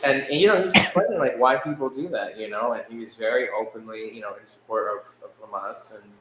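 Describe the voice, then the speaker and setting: A man co-hosting a podcast, telling a story in a casual, animated way and laughing as he acts out what others said. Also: mid-range voice, fast talker, over a noisy crowd. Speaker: podcast co-host. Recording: echoey room with faint ambience.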